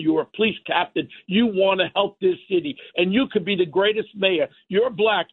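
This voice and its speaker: A middle-aged man, a guest, ranting bluntly and combatively about crime. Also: high-pitched. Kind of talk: heated political talk. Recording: tinny phone line.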